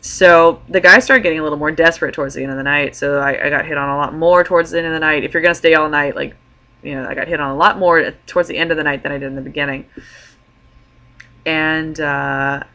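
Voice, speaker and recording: A woman's voice: deep voice, fairly even intonation, fast, pushed and bright. A young woman vlogger telling a story to her camera in a casual, chatty way, full of "like" fillers.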